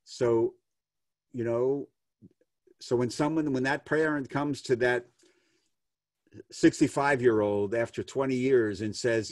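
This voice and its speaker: A man's voice: medium pitch, steady tone, slow, long pauses, no echo. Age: unknown. Sex: man. Role: rabbi. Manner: folksy, dry close mic. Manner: folksy, storytelling, acts out quoted people. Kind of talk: answering questions in an online session. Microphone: video call.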